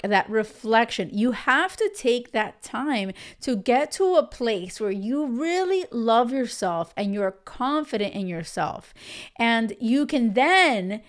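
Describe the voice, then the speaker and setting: Animated woman podcast host, high voice. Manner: animated, emphatic, talks directly to listeners. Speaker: podcast host and dating coach. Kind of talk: casual podcast commentary.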